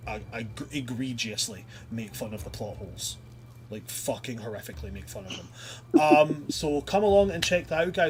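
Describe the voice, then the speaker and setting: A man's voice: mid-range voice, fairly bright tone, slight background noise. A man hosting a tabletop game stream as game master, chatting loosely and energetically, with swearing and laughter. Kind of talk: casual end-of-stream chat.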